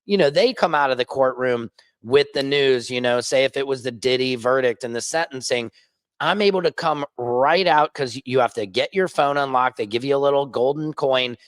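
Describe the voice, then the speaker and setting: A man who hosts his own news vlog, ranting casually and fast from a rooftop with lots of restarts and asides. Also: mid-range voice, no echo. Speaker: independent journalist and vlog host. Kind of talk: casual on-camera rant.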